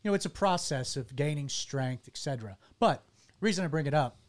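A man telling a personal story to his interviewers in an earnest, halting way, often restarting his sentences. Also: fairly high pitch, lively intonation.

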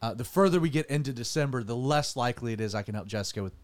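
A man's voice: medium pitch, animated, very fast. A man, a pastor hosting a casual studio podcast, joking and rambling with restarts.

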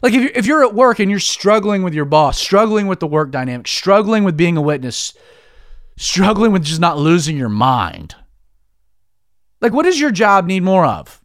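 A man's voice: high voice, sing-song, moderate pace, dry recording, studio quality. A man giving a casual devotional teaching, talking in a conversational way with many restarts. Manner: conversational, heavy use of "like", frequent restarts. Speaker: Christian preacher.

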